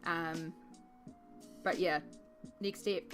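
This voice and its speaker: An upbeat woman talks to her live-stream chat while she paints, in a relaxed, rambling way. Her voice sits in a middle pitch range. Faint music plays underneath. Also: normal speed. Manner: chatty and upbeat, reading and answering chat. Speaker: art streamer.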